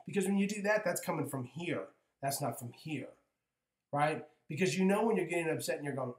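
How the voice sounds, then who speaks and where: A man in his fifties coaching listeners in a relaxed, rambling spiritual talk, circling back with "right?" between thoughts. His voice sits a little high for a man. The room around him rings with a clear echo. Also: moderate pace. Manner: conversational, with frequent "right?" asides and restarts. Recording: echoey room.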